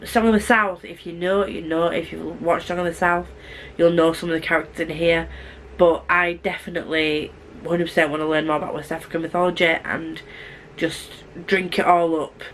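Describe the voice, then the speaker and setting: A woman talking quickly and chattily as a book vlogger, gushing in a casual review with asides and restarts. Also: lowish voice, little pitch movement, fairly bright tone, a little hiss or hum, rough recording.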